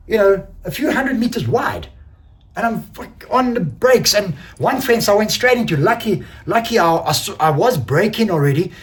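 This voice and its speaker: A man, an enduro racer casually recounting a race, animated, swearing freely and acting out quoted exchanges. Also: sits high. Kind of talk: casual race recap storytelling.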